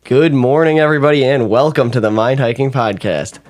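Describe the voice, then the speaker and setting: A man's voice: medium pitch, fairly quick, faint music behind. A young man hosting a podcast, chatting casually and joking with an easy laugh. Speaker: podcast host. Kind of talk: casual morning chat.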